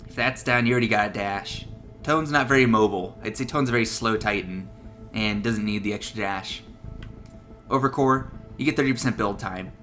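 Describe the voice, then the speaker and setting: Young male gaming creator, bright tone, casual profane tips delivery, light music underneath. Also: on the low side, fairly quick. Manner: loose and profane, laughing at his own jokes. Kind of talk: casual gameplay tips commentary.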